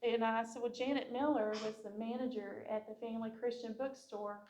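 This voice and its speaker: A church member, a woman, gives a heartfelt personal testimony to her congregation, telling the story and acting out what people said. Her voice is a little high and darkish, with a steady tone and a fairly quick pace.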